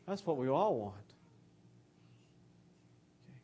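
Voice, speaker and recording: A man's voice: a little high, animated, measured pace, pauses often, darkish tone, slight background noise. A man giving an earnest, conversational sermon about scripture.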